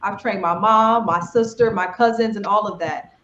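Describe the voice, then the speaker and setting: A woman's voice: mid-range voice, moderate pace, fairly bright tone, a little hiss or hum. A woman sharing a personal story in a casual podcast discussion, affirming the others. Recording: distant, roomy, dull audio.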